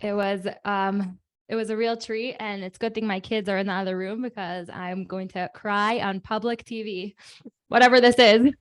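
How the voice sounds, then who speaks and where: A woman hosts a children's online gathering with an everyday voice in the middle of her range. She talks in a casual, chatty way. She often restarts her sentences and fills pauses with ums. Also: mid-range voice, steady tone, clean tone. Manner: chatty, rambling with fillers and restarts. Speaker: host of a kids' online prayer session. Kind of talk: casual, emotional live talk to children.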